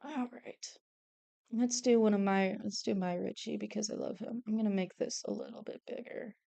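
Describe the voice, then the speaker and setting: A woman's voice: medium pitch, steady tone, normal speed, vocal fry, dark tone, no room sound. A young woman streaming her drawing, chatting casually in a rambling, self-deprecating way and laughing often. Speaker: streamer and artist. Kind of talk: casual chat while drawing.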